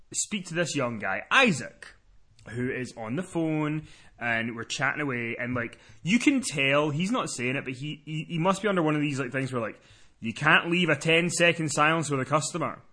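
Lively man telling a story. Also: medium pitch, normal speed. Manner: animated, profane, laughing storyteller. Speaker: podcast host. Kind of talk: casual storytelling chat.

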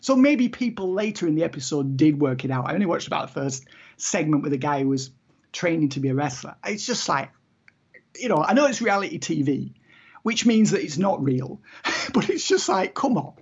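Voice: medium pitch, big pitch swings, brisk, breathy edge, lo-fi sound. A podcast co-host in casual chat, wry and opinionated, laughing often.

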